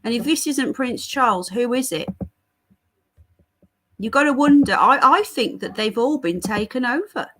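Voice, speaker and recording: A woman's voice: on the high side, animated, normal speed, a bit bright. British woman hosting a chatty live stream. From United Kingdom. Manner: chatty, reads viewer comments aloud. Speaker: livestream host. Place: home with a child nearby.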